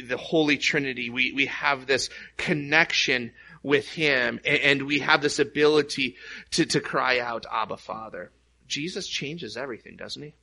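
A man's voice: medium pitch, pushed and bright. A man preaching a sermon as pastor, casual and conversational, telling stories with many restarts and fillers.

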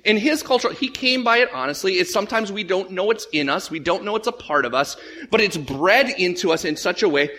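A man preaching a sermon as pastor, animated and often stumbling over repeated words at the start of sentences. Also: sits high, fairly quick.

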